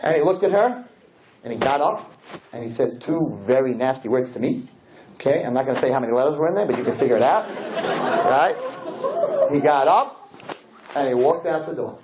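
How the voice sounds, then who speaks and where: A man giving a storytelling sermon as a rabbi to an audience, animated and acting out the people in his story. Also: medium pitch, moderate pace, long pauses, muffled recording, crowd noise, background noise. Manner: animated, acts out characters' voices.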